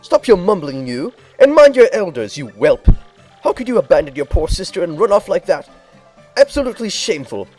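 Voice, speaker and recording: A man's voice: high voice, sing-song, brisk, a little mellow, soft background music, voice pushed up. A man voicing a crotchety, bossy old female tribal elder in a game playthrough, scolding and barking orders.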